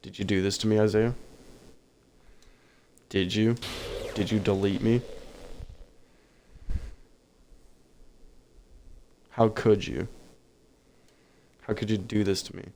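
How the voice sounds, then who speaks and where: A man reading aloud the lines of a desperate, lovesick teenage girl from a game, in a plain, flat voice. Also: fairly low pitch, a little slow, long pauses. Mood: anguished, accusing.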